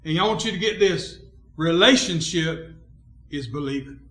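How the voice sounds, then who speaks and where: A man pastor preaching a sermon in a church, emphatic, swinging between quiet and loud, calling out for amens. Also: a little high, lively intonation, moderate pace, roomy sound, soft background music.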